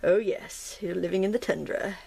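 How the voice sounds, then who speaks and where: This middle-aged New England woman has a lowish, creaky, warm voice with a breathy edge and speaks at a normal speed. She chats and meanders through a casual watercolor tutorial, often laughing at herself.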